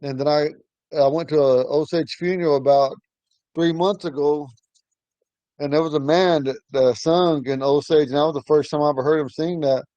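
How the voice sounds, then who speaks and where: A middle-aged man with a slightly high voice leads a casual language class. He talks in loose, rambling stories and breaks into chuckles as he goes. The sound is dry and close. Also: fairly even intonation, moderate pace, mellow, no room sound, lo-fi sound. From Ponca community, Nebraska. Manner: rambling storytelling, chuckles often. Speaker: language teacher. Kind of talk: informal language lesson.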